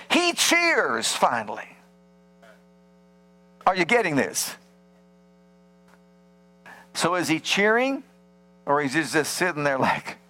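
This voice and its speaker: Animated preacher man, slightly high voice. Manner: animated, asks the congregation rhetorical questions; dramatizes scenes and acts out voices. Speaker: pastor. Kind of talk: sermon.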